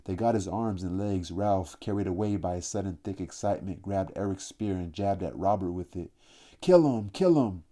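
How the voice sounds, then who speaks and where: Deep, dark-voiced male reader. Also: steady tone, a little fast, few pauses. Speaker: audiobook reader. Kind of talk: audiobook narration.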